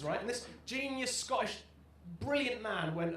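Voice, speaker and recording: A young man in his twenties doing a stand-up comedy set, telling self-deprecating stories and bursting into loud shouted punchlines. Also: high voice, lively intonation, a little slow, a little hiss or hum. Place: comedy club stage with live audience. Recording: roomy live venue sound. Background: audience laughter.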